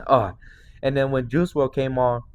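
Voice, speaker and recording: Excited young man telling a story. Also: mid-range voice. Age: 20s. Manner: excited, slangy storytelling with lots of fillers. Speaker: podcast host. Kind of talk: casual chat.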